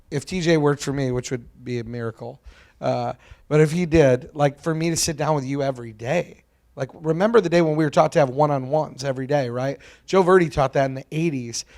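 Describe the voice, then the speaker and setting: A man's voice: fairly high pitch, darkish tone. A man speaking on a conference panel, earnest and somewhat preachy, posing rhetorical questions and answering them himself. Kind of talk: casual panel discussion.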